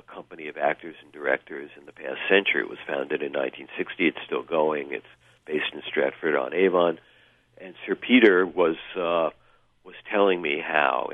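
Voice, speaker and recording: A deep-voiced man, the guest author, explains his ideas slowly and thoughtfully, with plenty of ums and restarts. He comes through a tinny phone line that sounds dry and close. It plays as a calm call-in radio talk. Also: dry recording. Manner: thoughtful, many fillers and restarts. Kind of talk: radio interview, explaining at length.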